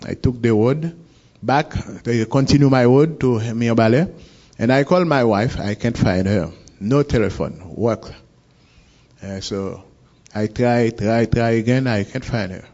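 A man from Haiti with a Haitian accent, telling his own story in an interview, halting and searching for words in English. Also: medium pitch, darkish tone. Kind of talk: personal account in an interview. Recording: dull lo-fi recording.

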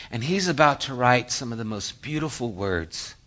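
Animated bright-voiced male preacher. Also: mid-range voice, moderate pace, hardly any pauses, highs cut off. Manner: conversational and animated, swings from hushed to emphatic. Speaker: pastor. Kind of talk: sermon.

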